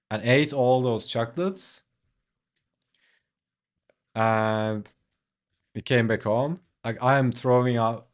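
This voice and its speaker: Slow, laid-back man telling a story. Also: medium pitch. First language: not English. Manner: laid-back, leans on "like", swears, laughs often. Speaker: artist streaming while drawing a comic. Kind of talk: casual storytelling.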